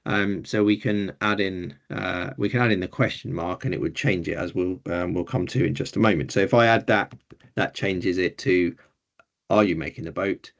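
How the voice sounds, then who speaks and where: Man, low voice, patient hesitant teacher, lots of ums, slightly muffled lo-fi sound. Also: normal speed, creaky. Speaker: Greek teacher. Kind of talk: informal online class teaching.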